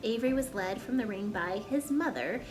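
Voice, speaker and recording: A woman storyteller reading a children's chapter book aloud with gentle, expressive narration. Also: on the high side, moderate pace, music in the background.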